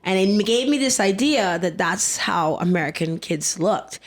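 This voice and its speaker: A woman's voice: medium pitch, expressive, a little slow. A woman in her thirties chatting casually as a podcast co-host, rambling with plenty of fillers and talking with food in her mouth. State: eating while talking. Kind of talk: casual chat.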